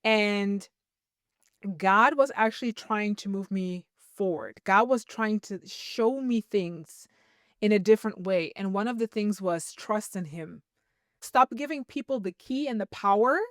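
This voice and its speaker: A woman's voice: fairly high pitch, no echo, studio quality. A young woman hosting a podcast, telling an earnest, reflective personal faith testimony with a slight tearful edge. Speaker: podcast host.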